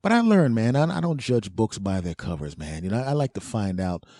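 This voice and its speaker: A man's voice: on the low side, big pitch swings, brisk, warm tone, no room sound. A man hosting a podcast, rambling through a comic story and acting out the quotes in exaggerated voices. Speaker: podcast host. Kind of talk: comedic storytelling monologue.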